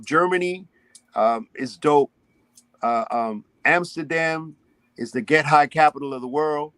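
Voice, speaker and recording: A man from Spanish Harlem, a podcast guest telling stories in a rambling, animated way with many restarts. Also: fairly high pitch, unhurried, no room sound. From Spanish Harlem, New York. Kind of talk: casual podcast chat. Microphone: remote call.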